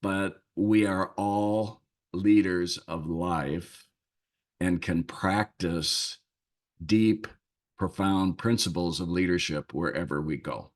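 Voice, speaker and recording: A man with a fairly low voice hosts a short leadership podcast and tells a story from his work. He speaks very slowly and lets his pauses sit. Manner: unhurried, thoughtful, lingers on pauses. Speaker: leadership coach and podcast host.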